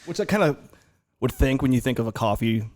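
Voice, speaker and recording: A man's voice: mid-range voice, animated, darkish tone. A man co-hosting a casual podcast, joking and bantering as he tells stories. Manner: jokey, quick to banter. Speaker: podcast co-host. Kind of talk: casual chat over drinks.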